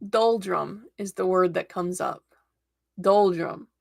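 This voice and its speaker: A woman's voice: on the low side, slow pace, vocal fry, a little mellow, no room sound, studio quality. A woman hosting a live tarot stream, chatting casually and encouragingly and laughing often. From United States.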